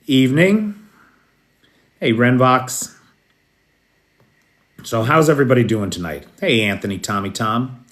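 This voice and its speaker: An American man hosting a casual live news stream at night, greeting viewers by name in an unhurried way. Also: mid-range voice, expressive, a bit bright. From United States. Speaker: news host. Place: apartment in a city at night.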